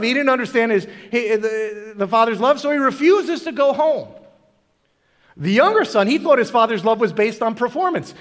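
Male pastor, high and very animated delivery, long church reverb. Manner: animated preaching, acting out characters' lines. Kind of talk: sermon.

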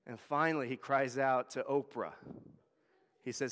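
Guy preaching a casual sermon, average pitch, lots of little repeats, echoey hall sound. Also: steady tone, normal speed, fairly bright tone. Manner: conversational, with frequent repeated words. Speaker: church elder preaching. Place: church hall.

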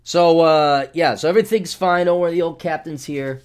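A man's voice: moderate pace, clean tone. A man, hosting a podcast and telling a profane, rambling story in a casual monologue. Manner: profane, rambling storytelling with big swings in pitch and loudness. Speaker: podcast host.

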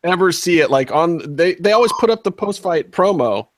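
A man co-hosting a wrestling podcast, retelling a story in animated casual chat. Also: high voice, moderate pace, no echo, studio quality. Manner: animated storytelling, laughing at his own story. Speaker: podcast co-host.

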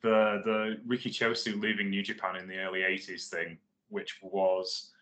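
A man co-hosting a casual podcast chat, telling an animated anecdote. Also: deep voice, moderate pace.

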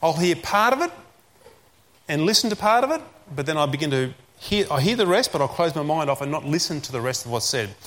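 A man preaching a sermon, repeating key phrases and slowing down to stress commands. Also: on the high side, big pitch swings, fairly bright tone.

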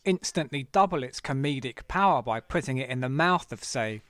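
A man's voice: medium pitch, lively intonation, background noise. A man giving scripted, wry narration as a video essayist. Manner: wry, measured commentary.

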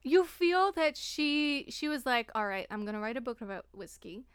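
High-voiced laughing woman, casual book chat. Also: moderate pace, smooth, no echo, clean studio sound. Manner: animated, laughing, swearing. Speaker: podcast co-host.

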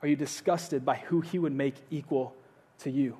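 A man preaching a sermon, earnest, repeating his phrases and swinging between loud urging and hushed appeals. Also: medium pitch, steady tone, normal speed, slightly rough. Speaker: pastor.

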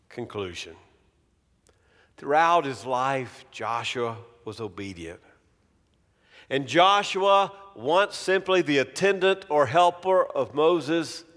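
A man preaching a sermon in a slow, measured way, letting phrase ends fall away softly. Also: mid-range voice. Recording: long reverb of a large hall.

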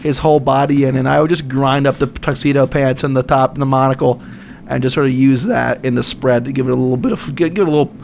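A man's voice: mid-range voice, steady tone, fast, creaky, a little mellow, a little hiss or hum. A young man co-hosting a comedy podcast, riffing crude jokes and laughing often. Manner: laughing, riffing, swearing, silly bits. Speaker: podcast co-host.

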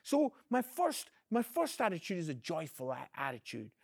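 A man's voice: on the high side, normal speed, creaky, no room sound, studio quality. A man, an evangelist, giving an earnest inspirational video message and calling the listener "friend". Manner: energetic, swings between loud emphasis and quiet.

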